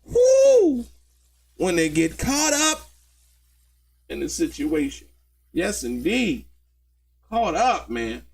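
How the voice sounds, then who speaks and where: Animated, gravelly-voiced male commentary host. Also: on the high side, takes it slowly, long pauses, a little hiss or hum. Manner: animated, mocking, laughs often, slangy. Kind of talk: live commentary on court testimony.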